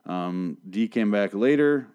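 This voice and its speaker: Male podcast host, low-ish voice, swears freely, rambles and corrects himself mid-recap. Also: animated, slow pace, a little mellow, clean tone. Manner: rambling, profane and self-correcting. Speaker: TV show review host. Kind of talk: casual solo recap podcast.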